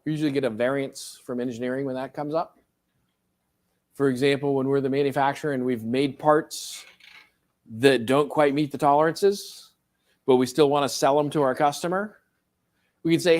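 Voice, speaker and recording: A man's voice: medium pitch, steady tone, moderate pace, pauses often, darkish tone. Middle-aged man as a professor, lecturing loosely, tossing questions to the class. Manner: casual, joking, asks the class questions.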